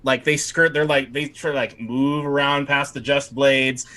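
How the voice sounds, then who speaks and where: Bright-voiced casual male game master. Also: mid-range voice, little pitch movement, moderate pace. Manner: casual, rambling, many fillers. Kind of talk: narrating a tabletop game livestream.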